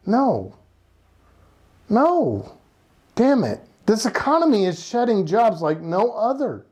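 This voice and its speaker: Lively, sarcastic ranting vlogger. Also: mid-range voice, slow pace, long pauses. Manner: passionate, sarcastic, rhetorical questions. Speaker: economic commentator. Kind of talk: casual opinion vlog rant.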